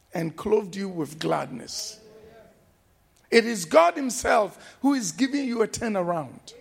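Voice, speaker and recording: A man preaching a sermon as pastor, slow and emphatic, repeating refrains and breaking into shouted exclamations. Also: sits high, creaky, husky.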